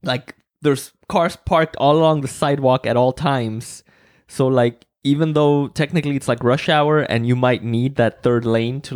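A man, co-hosting a casual podcast chat and ranting about drivers in an animated, sweary way that keeps turning shouty. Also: medium pitch. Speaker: podcast co-host.

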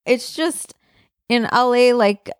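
A woman, co-hosting a casual podcast chat in a relaxed, easygoing way with lots of fillers. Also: on the high side, slow pace, clean tone, no echo, clean studio sound. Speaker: podcast co-host.

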